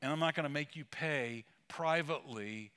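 Bright-voiced male pastor preaching. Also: on the high side, normal speed, clear, resonant tone. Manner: conversational, emphatic, with asides and humor. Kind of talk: sermon.

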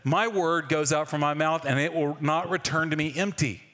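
Pastor, male, fairly high voice, chatty sermon delivery with questions to the room, long hall reverb. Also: moderate pace, a bit bright. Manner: conversational, asks the congregation questions.

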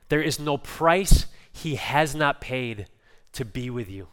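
A male pastor delivering a conversational sermon, telling stories and swinging between loud emphasis and soft quiet passages. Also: medium pitch, a little slow.

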